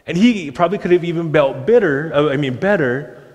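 A man's voice: on the high side, fairly quick. Young man preaching with long hall reverb. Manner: animated preaching, acts out quoted voices. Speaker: pastor. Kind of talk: sermon. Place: church sanctuary.

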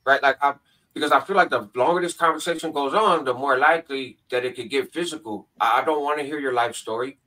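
A man telling a long story as a guest on a casual show, acting out other people's voices in a high pitch. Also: fast talker, sharp tone, far from the mic. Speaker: podcast guest. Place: home in Nevada.

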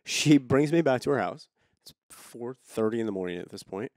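A man's voice: medium pitch, lively intonation, moderate pace, a little mellow, no echo. A man on a podcast, casually telling a crude story, repeating and restarting words. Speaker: podcast co-host.

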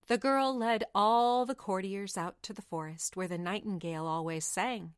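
A woman narrating a storybook in a gentle, measured way. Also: mid-range voice, clean tone, dry recording, clean studio sound. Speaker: audiobook narrator.

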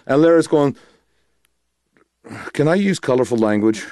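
A middle-aged man, a blues guitarist, telling a story in an interview, animated, laughing and acting out other people's voices. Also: medium pitch, measured pace, no room sound, clean studio sound.

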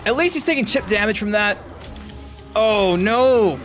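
A man with a notably high voice commentates his own fighting-game run. He gets loud and excited, swears freely and laughs at what happens on screen. Faint music plays behind him. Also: measured pace. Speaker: gamer. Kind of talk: let's-play commentary.

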